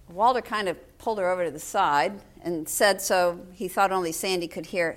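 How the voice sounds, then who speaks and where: A woman's voice: on the high side, moderate pace, fairly bright tone. An older woman pastor delivering a sermon in a storytelling way, with wry humor.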